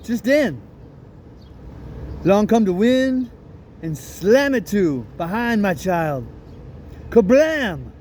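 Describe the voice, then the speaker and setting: A man reading an audiobook brings to life Jim, a remorseful father recounting a painful memory in a thick Southern US drawl. The voice sits rather high and moves slowly and deliberately. A faint hum of noise lies beneath the reading. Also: big pitch swings, a little mellow, exaggerated voice. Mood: sorrowful. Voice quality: heavy rural dialect, drawn-out storytelling.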